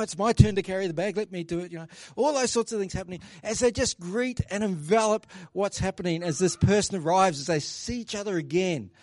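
A male pastor preaches to his congregation in a slightly high, conversational voice, reading scripture and praying between stories. He briefly acts out the voices of people he quotes. The recording is close and dry. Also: darkish tone, dry recording. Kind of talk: sermon with scripture reading and prayer.

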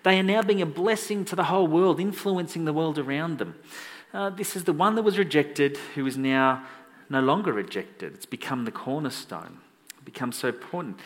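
A man delivers a sermon in a conversational, joking manner, his pitch swinging up and down. His voice carries the long reverb of a large hall. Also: moderate pace. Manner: animated, conversational, jokey asides to the congregation. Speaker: preacher.

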